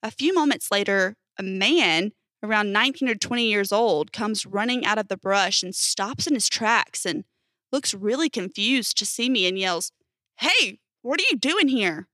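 Female storyteller, bright tone, dry booth sound, casual delivery. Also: mid-range voice, normal speed, no room sound. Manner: casual storytelling with emphatic swearing. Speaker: narrator reading posts. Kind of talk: reading stories aloud.

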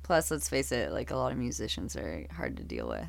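A woman's voice: very deep voice, wildly swooping pitch, a little fast, vocal fry, no room sound. A woman guest on a podcast in casual chat, laughing often and musing thoughtfully.

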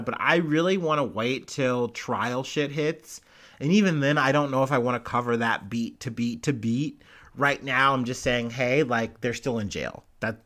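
A man's voice: mid-range voice, a bit bright. A man casually hosting a news commentary, loose and profane, rambling with lots of fillers. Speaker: commentary host.

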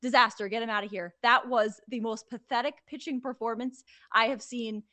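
Woman, bright sharp voice, exasperated animated ranting, sports podcast co-host. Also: on the high side, moderate pace. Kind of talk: casual sports podcast chat.

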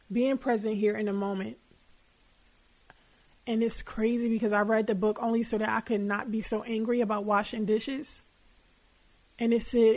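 A young woman hosting a podcast, giving casual, candid advice with plenty of swearing and colloquial speech. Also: medium pitch. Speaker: podcast host.

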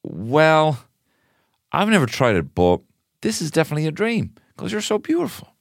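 A man voicing a smitten young man who delivers a cheesy pick-up line and sulks when it falls flat, in a whiny, exaggerated way. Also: fairly high pitch, normal speed, vocal fry, no room sound, studio quality, pitched above the performer's own voice, exaggerated voice. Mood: dreamy.

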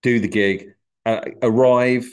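A man's voice: mid-range voice, fairly even intonation, slow, clear, resonant tone. A man guesting on a podcast, talking shyly with dry, self-deprecating humour. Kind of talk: casual podcast interview.

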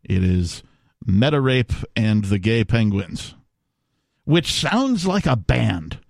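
Chuckling radio host, dry studio sound. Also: male voice, lowish voice, sing-song, slow, vocal fry, a little mellow, no echo. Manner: laughs often, rambling with filler words. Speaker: radio talk show host. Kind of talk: casual talk radio banter.

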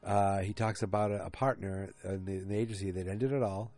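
Chatty low-voiced man recapping a show. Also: steady tone, normal speed, darkish tone, faint music behind. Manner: chatty, digressive, self-aware. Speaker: podcast host recapping a TV episode. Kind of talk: casual chat.

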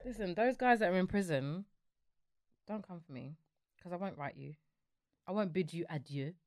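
A woman's voice: on the low side, normal speed, a little mellow, dry recording, studio quality. A young woman, teasing and playful as a podcast co-host in casual chat.

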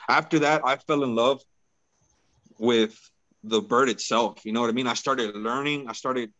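A man's voice: mid-range voice, normal speed, a bit bright, dry recording, low-quality recording. A man as a podcast guest, telling a personal story in a laid-back, casual way and peppering his talk with "bro" and "right?".

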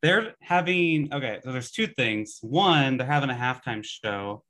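A man's voice: medium pitch, animated, unhurried, pushed and bright. A man co-hosting a podcast in casual chat, easygoing and often hedging with "I don't know.". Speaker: podcast co-host.

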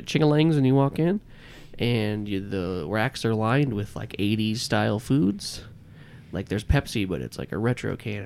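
Creaky-voiced rambling game master. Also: male voice, medium pitch, darkish tone. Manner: rambling, filler-heavy narration. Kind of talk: narrating a tabletop game.

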